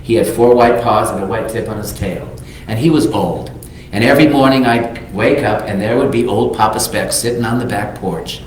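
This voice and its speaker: A man, a minister, telling a personal story in a sermon as a lively storyteller who acts out the people he quotes. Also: on the low side, normal speed, slight background noise. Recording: very echoey hall.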